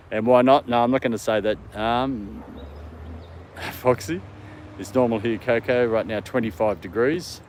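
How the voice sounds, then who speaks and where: A man's voice: medium pitch, measured pace, long pauses, a little mellow, a little hiss or hum. An Australian man hosting a casual livestream from a dog park, answering viewer comments and talking to his dog. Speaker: livestream host.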